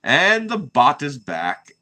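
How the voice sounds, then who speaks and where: A man's voice: on the high side, wildly swooping pitch, slow, pushed and bright. A man from the United States hosting a 3D printing livestream, chatting casually with his viewers and chuckling often.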